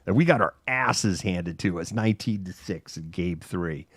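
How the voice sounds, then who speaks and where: A middle-aged man hosting a casual talk show, telling a long anecdote in an animated way, laughing between phrases and using many fillers. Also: low-pitched, normal speed, breathy edge, dry recording. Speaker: host. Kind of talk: casual chat, anecdotal storytelling.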